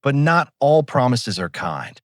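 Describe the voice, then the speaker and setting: Calm cruel fog spirit that knows too much, man reading it, lively pitch, dry sound. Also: measured pace, dry recording. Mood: menacing. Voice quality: calm, commanding.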